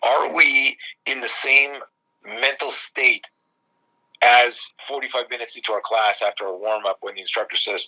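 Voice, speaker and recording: A middle-aged man, a self-defense coach, telling stories in a fast, emphatic way and acting out the dialogue himself. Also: medium pitch, fairly even intonation, sharp tone, muffled recording. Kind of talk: animated storytelling in a podcast conversation.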